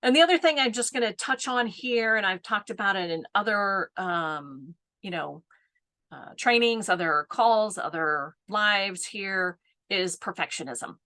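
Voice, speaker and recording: A woman's voice: medium pitch, animated, measured pace, pushed and bright. A woman in her fifties giving a casual live coaching talk, laughing often and tagging her points with "right?". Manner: chatty, laughs often, keeps asking "right?". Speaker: business coach.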